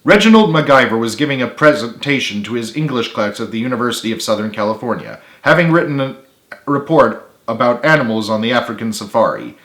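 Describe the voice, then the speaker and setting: A man, the author, narrating his own book in a steady read-aloud. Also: mid-range voice, fast talker, echoey room.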